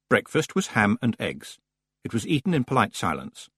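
A man reading a story aloud as an audiobook narrator, in an expressive storytelling manner, close to the mic. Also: lowish voice, a little fast, husky, no room sound. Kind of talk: scripted narration.

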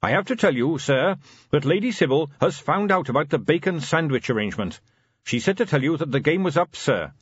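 A man's voice: fairly high pitch, lively intonation, brisk, slightly rough, dry recording, muffled recording, pitched above the performer's own voice. A man reading an earnest, eager and polite young captain, raised a little above his own voice. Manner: eager and respectful, says sir a lot.

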